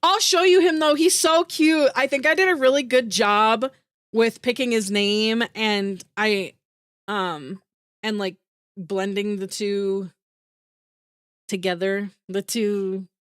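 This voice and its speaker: A woman's voice: mid-range voice, slow, clean tone, no room sound, studio quality. A woman streamer chatting casually with her viewers, bubbly and giggly, full of "like" fillers, with an emotional voice that rises into teary squeals.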